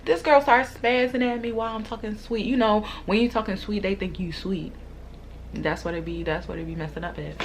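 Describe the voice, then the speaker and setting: A woman's voice: fairly quick, slight background noise. A young adult woman vlogger telling a storytime to camera in casual slang, acting out other people's lines and laughing often. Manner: animated, acts out quoted lines with big jumps in pitch and loudness.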